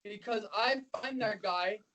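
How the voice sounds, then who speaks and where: A man's voice: high-pitched, measured pace, bright, forceful tone, slight background noise, poor audio. Male podcast co-host, casual chat, rambling and repetitive, openly emotional.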